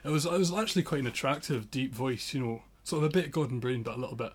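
Husky-voiced male podcast co-host, rambling joking storyteller, chatting at home. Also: medium pitch, quick pace. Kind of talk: casual chat.

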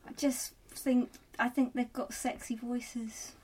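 High-voiced woman, deadpan wry asides. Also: takes it slowly, a little hiss or hum. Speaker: podcast co-host. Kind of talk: casual comedic chat.

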